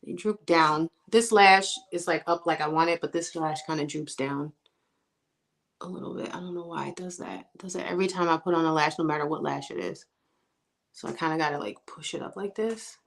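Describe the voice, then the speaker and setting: She's a beauty livestream host, talking casually with her audience as she applies makeup and calling them y'all and girl. Her low, creaky voice runs a little fast, with echoey room sound.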